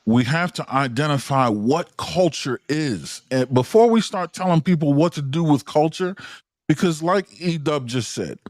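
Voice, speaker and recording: A man's voice: fairly high pitch, expressive, moderate pace, a little mellow, no echo, clean studio sound. A man hosting a livestream panel discussion, insistent and lecturing, often cutting others off.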